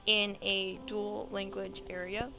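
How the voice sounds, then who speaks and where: Profane Texan woman with vocal fry. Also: mid-range voice, level tone, takes it slowly, music in the background. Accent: Southern US (Texan). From Texas. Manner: rambling, profane, frank. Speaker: storyteller. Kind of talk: casual storytelling monologue.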